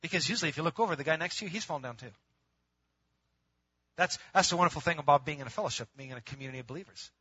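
A man preaching a sermon to his congregation in a lively, conversational way, moving from loud emphatic bursts to quiet, intimate pleading. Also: a little high, rapid-fire, slightly rough, highs cut off. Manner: calls the congregation "gang", laughs between points. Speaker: pastor.

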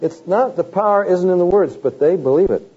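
A man preaching a sermon, animated, with rising emphasis and mocking quotes of the teachers he criticizes. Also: sits high, brisk, dull audio, slight background noise.

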